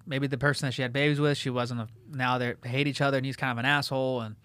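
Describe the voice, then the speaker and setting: A man's voice: mid-range voice, flat delivery, fast talker, fairly bright tone, clean tone, dry recording. A brash young man chatting casually as a podcast co-host, swearing often and telling stories with animation. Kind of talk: casual chat.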